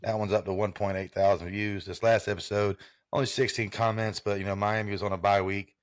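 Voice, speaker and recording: A man's voice: fairly low pitch, little pitch movement, a little fast, no echo, clean studio sound. A man co-hosting a sports podcast, chatting loosely and casually with plenty of swearing. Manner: loose, profane, laid-back banter. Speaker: podcast co-host.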